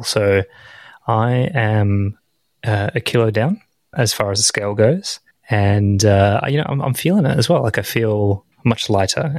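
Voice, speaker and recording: A man in his thirties co-hosting a podcast, talking through his week in an easy, rambling way, full of fillers and small laughs. His voice sits on the low side. The recording is close and dry, with no room sound. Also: darkish tone, no echo. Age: 30s. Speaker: podcast co-host. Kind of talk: casual chat.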